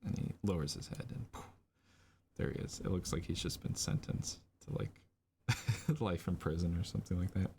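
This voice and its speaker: A deep-voiced man with a gravelly edge walks through a storyboard as he draws it. His livestream narration is improvised and rambling, full of fillers, with a faint hiss underneath. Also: moderate pace. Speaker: storyboard artist streaming a lesson.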